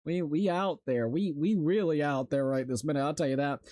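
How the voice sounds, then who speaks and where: Young man, casual streamer, slangy, trips over words, reads aloud, slightly higher voice. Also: brisk, mellow, no room sound. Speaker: livestreamer.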